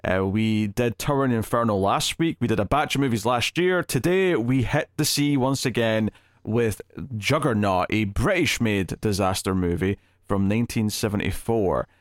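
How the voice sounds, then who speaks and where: A male podcast host talks through a film in a loose, chatty way, laughing easily and letting his voice jump upward when excited. The sound is very dry and close, with no room around it. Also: on the low side, moderate pace, no echo. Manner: chatty, animated, laughs often. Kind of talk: casual movie podcast chat.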